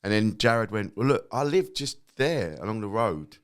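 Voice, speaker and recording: A middle-aged man, a guest comedian telling lively anecdotes and acting out quotes, swearing freely. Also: fairly low pitch, moderate pace, clear, resonant tone.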